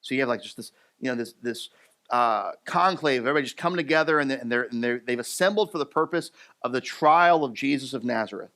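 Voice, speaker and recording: A male pastor from the US East Coast, telling a story in his sermon in a chatty, animated way with many fillers and restarts. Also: medium pitch, quick pace. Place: church.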